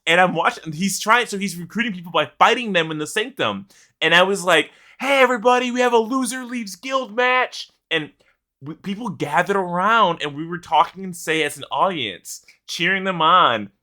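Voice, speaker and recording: Lively, bright-voiced man telling a story. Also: sits high, normal speed. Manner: animated storyteller, swearing, laughing often. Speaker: podcast co-host. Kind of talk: casual gaming podcast chat.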